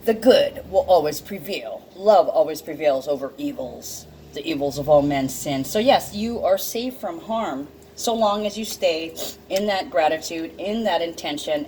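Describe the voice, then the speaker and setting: A woman with a lowish voice reads oracle cards in a casual chat to her viewers, getting teary and sniffling as she goes. She laughs easily and swears freely, and a faint hum of room noise sits under her voice. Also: darkish tone, low-quality recording. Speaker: intuitive card reader. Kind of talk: casual tarot card reading.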